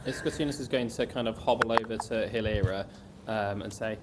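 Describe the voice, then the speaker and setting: A man's voice: fairly low pitch, fairly quick, background noise. Hesitant man describing his character. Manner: hesitant, filler-heavy. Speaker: player. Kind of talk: tabletop game play.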